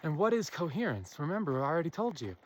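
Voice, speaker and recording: Woman speaker, earnest solo talk to camera, slows to stress key phrases, asks listeners questions. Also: low voice, big pitch swings, a little hiss or hum. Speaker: self-help speaker. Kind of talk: impassioned spiritual monologue.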